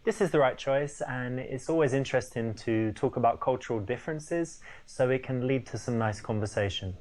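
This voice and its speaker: A man narrating as a coach in a game, calmly giving advice about how to hold a conversation. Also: medium pitch, moderate pace. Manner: calm, advising. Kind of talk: instructional narration.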